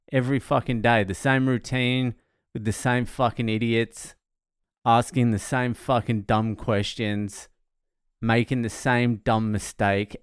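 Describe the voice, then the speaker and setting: Man, sweary self-mocking vlog rant, smooth clear voice, dry close sound. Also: mid-range voice, no echo. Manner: sweary, ranting, laughs at himself. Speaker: comedian and first aid trainer. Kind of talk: casual vlog monologue.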